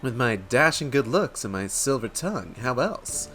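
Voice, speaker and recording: A man voicing a charming, smooth-talking male rogue in a game, with a theatrical British-tinged drawl. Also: mid-range voice, sing-song, moderate pace, fairly bright tone, soft background music. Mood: roguish.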